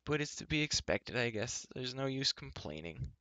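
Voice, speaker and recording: A man's voice: mid-range voice, very animated, moderate pace, pushed and bright, no room sound, pitched above the performer's own voice. A man voicing a timid, gloomy male hermit who speaks in a dismal, anxious whine. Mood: fretful.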